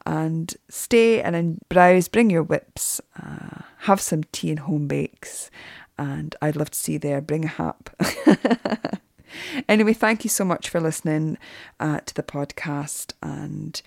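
A woman's voice: low voice, takes it slowly, gravelly, no echo, studio quality. A woman hosting a podcast, talking in a chatty way with little laughs and fillers. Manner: warm chatty, laughs often, small fillers. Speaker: podcast host. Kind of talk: casual podcast monologue.

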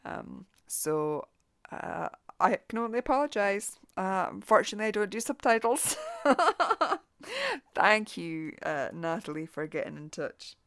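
A woman's voice: medium pitch, animated, moderate pace, dry recording, studio quality. A woman with a mild Shetland Scottish accent hosting a knitting podcast in a chatty, rambling way. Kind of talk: casual solo podcast.

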